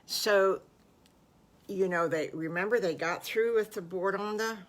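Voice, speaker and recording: A woman's voice: mid-range voice, unhurried. An older woman improvising a story for young children, doting and chatty. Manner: warm, doting, chatty with fillers.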